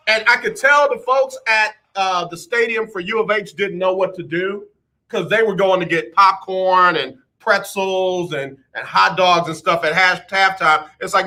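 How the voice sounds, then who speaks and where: Animated, bright-voiced male radio host. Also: high voice, a little slow. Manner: emphatic, exclaiming, breaks into mock quotes. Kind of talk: animated radio talk monologue.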